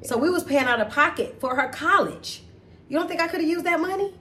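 A woman's voice: sits high, lively intonation, a little fast, pushed and bright, a little hiss or hum. A middle-aged woman in an emotional, casual chat, talking animatedly and repeating herself for stress. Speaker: host talking about a family conflict.

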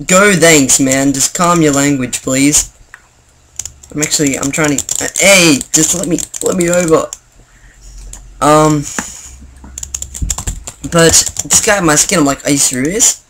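Young man, gameplay commentary, excitable and stammering, higher voice, faint keyboard clicks behind. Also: takes it slowly, pauses often, slight background noise. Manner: excitable, stammering, jokingly indignant. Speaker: gaming channel host.

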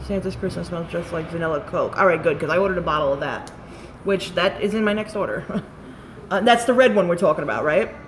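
A Staten Island woman in her late 30s chats on a live stream about beauty products, rambling and swearing casually. Her fairly low voice is lively in intonation and a little fast, with slight background noise.

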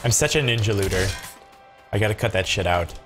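A man casually commenting on a co-op game while streaming, jokey and swearing, with sudden excited yells. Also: on the low side, a little fast. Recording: game music and gunfire underneath. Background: game music and gunfire.

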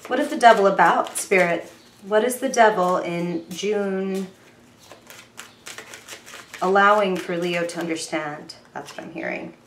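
Young woman, casual tarot reader, chatty, excitable, echoey room. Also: mid-range voice, unhurried, long pauses, slight background noise. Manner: chatty and excitable, with frequent fillers and apologies.

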